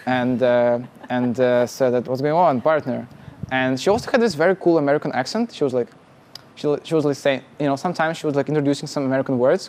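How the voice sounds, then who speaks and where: A young man from Russia, a startup founder telling his story casually in halting, English. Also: medium pitch, darkish tone. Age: young adult. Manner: halting, many restarts and laughs, plain non-native phrasing.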